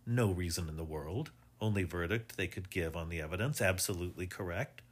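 A man voicing an older retired police inspector, precise and insistent, in a husky voice. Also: low voice, fairly quick. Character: retired male police inspector, older, dogged and sure of himself.

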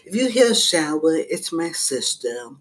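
A man's voice: on the high side, big pitch swings, unhurried, a bit bright. A man hosting a podcast, casually reading a text-message horror story aloud, naming each sender before the message and breaking off to chat with listeners, recorded at home on a headset mic. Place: at home with household noise around.

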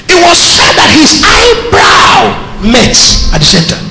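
High-pitched, bright Nigerian preacher. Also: male voice, measured pace, hardly any pauses, a faint crowd, slight background noise. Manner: emphatic, animated preaching with bursts of shouting. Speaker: pastor. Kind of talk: sermon. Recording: echoey hall with long reverb.

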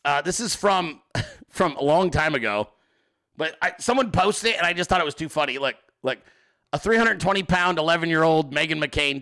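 A male host giving profane comedic political commentary, animated and often laughing. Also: a little high, moderate pace.

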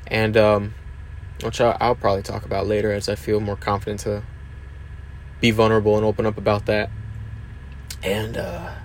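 In this confessional solo podcast, the male host speaks in a lowish monotone at a moderate pace, pausing often as he opens up about his struggles. He's hesitant, full of fillers and restarts, and the recording carries a slight hiss or hum.

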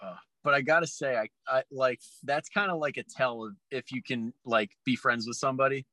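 A man's voice: mid-range voice, fairly quick, no echo. A man hosting a casual podcast chat, easygoing and dropping "like" into his sentences. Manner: easygoing, relaxed phrasing with "like" fillers. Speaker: podcast host.

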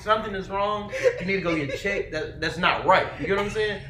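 Male podcast guest, animated and profane storyteller, slightly higher voice, echoey room with faint noise. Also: a little fast. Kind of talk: casual chat.

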